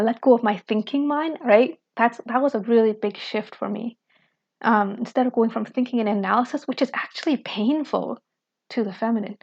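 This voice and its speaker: A woman reading from a book and reflecting on it in an earnest, unhurried way, often asking "right?" and adding "you know". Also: on the high side, creaky, a little mellow, muffled recording. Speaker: book commentator.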